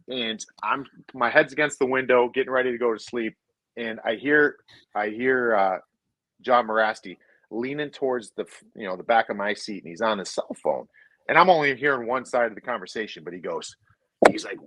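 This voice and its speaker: A former hockey player in his thirties or forties, appearing as a podcast guest, tells stories casually in a medium-pitched voice at a moderate pace. He's animated and swears freely, quoting others in shifting voices. The recording is dry and rough.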